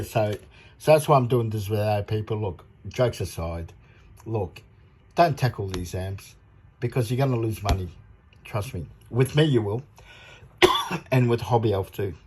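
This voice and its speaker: A man chatting in a casual product vlog about audio amp parts, rambling and excitable, laughing often. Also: on the low side, a little hiss or hum.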